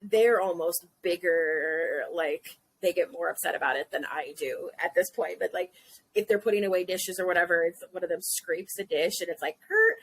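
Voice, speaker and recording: A woman's voice: fairly low pitch, normal speed, no room sound, poor audio. Giggly woman in her thirties. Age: 30s. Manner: bubbly, giggly, swears playfully. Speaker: podcast host. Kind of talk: casual podcast chat.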